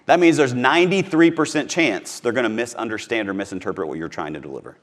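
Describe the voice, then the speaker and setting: A man's voice: mid-range voice, fast. A man from Missouri giving a live sales training talk to a room, emphatic and repeating his key points.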